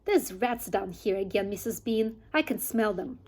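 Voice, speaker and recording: A woman's voice: mid-range voice, normal speed, a little mellow, natural voice. A woman voicing a big, obliging servant woman in a storybook reading.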